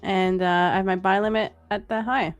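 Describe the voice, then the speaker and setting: A playful woman hosting a live trading stream who laughs easily and answers viewer messages as they come in. Her voice sits at a middle pitch, and faint music runs behind her. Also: fairly even intonation, moderate pace. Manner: playful, laughs often, reads chat aloud. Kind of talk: casual live-stream chat.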